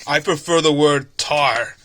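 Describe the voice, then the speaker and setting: A man's voice: fairly high pitch, takes it slowly, bright, forceful tone. A man voicing a bossy, blustering villain who is a tar-covered former wrestler in a fan audio drama. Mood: explaining.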